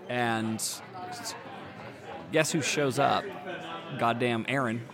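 A man's voice: mid-range voice, fairly even intonation, slow, gravelly, crowd noise. A man telling a long story in casual chat, rambling and profane, often laughing.

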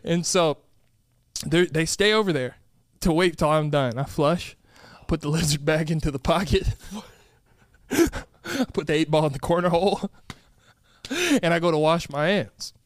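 A man's voice: fairly high pitch, normal speed, pauses often, no echo, clean studio sound. A man with a lisp, hosting a podcast and telling a story in casual chat, laughing often. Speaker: podcast host.

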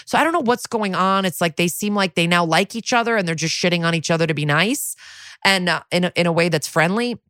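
A woman's voice: on the low side, fairly bright tone, no room sound, studio quality. Chatty woman recapping a crime show. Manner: chatty, profane, acts out quotes in quick voices. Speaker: podcast co-host. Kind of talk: casual episode recap.

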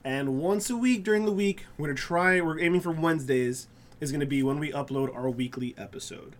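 A man hosts a podcast in a relaxed, chatty way and laughs easily with his co-hosts. His voice sits a little higher than most men's. He talks things through as he goes, with small restarts. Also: brisk. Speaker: podcast host. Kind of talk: casual chat.

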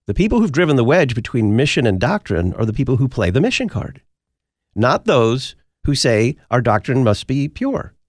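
A man's voice: medium pitch, big pitch swings, moderate pace, no echo, clean studio sound. A man hosting a talk radio show, answering listener mail in an emphatic, preacherly way.

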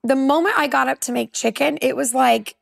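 A woman in her forties from California speaks as a women's pastor on a panel. Her voice sits high and carries a heavy gravelly fry. She tells her story earnestly and acts out bits of dialogue, and the sound is dry, with no room echo. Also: fairly quick. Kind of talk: personal testimony in a panel conversation.

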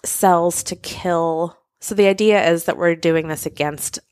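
A woman with a notably low voice explains health topics in a relaxed podcast conversation. She reaches for homely comparisons and sometimes restarts her sentences. The recording is dry and close. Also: unhurried, clear, resonant tone, no echo. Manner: thoughtful, uses everyday analogies, some restarts. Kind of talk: explanatory casual chat.

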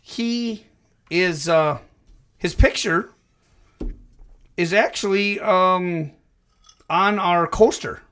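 A man hosting a casual podcast, loud, profane and rambling. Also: high voice, extremely slow, long pauses, slight background noise. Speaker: podcast host.

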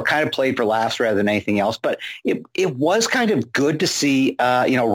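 A man co-hosting a podcast in casual chat, thinking aloud in a measured way, full of "you know" fillers and restarts. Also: medium pitch. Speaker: podcast co-host, called Professor.

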